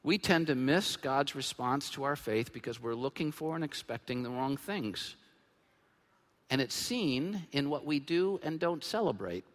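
A man in his fifties preaching a sermon as pastor, emphatic and animated, dropping to a hush and then bursting out loud. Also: on the high side. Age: 50s. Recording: long hall reverb.

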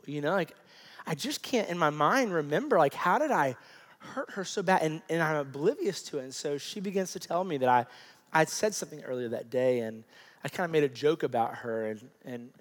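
Male pastor, slightly high voice, chatty storytelling sermon with fillers, long church-hall reverb. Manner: conversational, animated storytelling with many fillers.

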